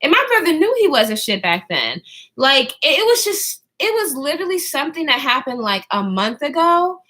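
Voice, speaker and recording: Lively high-voiced woman telling a story. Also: moderate pace. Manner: animated, profane, acts out quotes in others' voices. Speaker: vlogger. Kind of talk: casual storytime.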